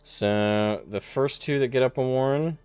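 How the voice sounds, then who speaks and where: A man narrating as dungeon master, halting and thinking aloud with frequent uhs. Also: mid-range voice, a little mellow, smooth, dry recording. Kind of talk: narrating a tabletop game.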